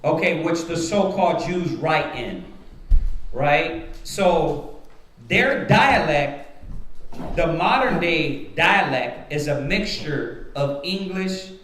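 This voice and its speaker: Slow, high-voiced man teaching in an echoing hall. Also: expressive, a bit bright. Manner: rhetorical, repeatedly checks with "right?". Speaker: Bible study teacher. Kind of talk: teaching Bible study to a congregation. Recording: roomy echoing room.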